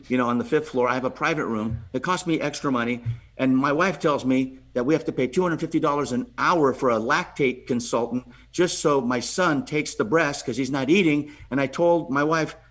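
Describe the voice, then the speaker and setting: A man, a podcast guest, telling a lively story and acting out the voices of the people in it, often restarting and repeating words. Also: mid-range voice, fairly quick. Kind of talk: animated storytelling.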